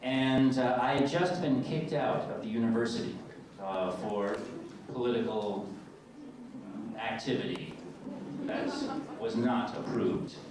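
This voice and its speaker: A middle-aged man from the United States, an actor telling stories on stage as a convention guest, lively and self-mocking. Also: medium pitch, a little slow, long pauses, slight background noise. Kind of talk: on-stage storytelling. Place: large convention hall. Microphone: distant camcorder in audience. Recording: echoey hall from far off, faint ambience.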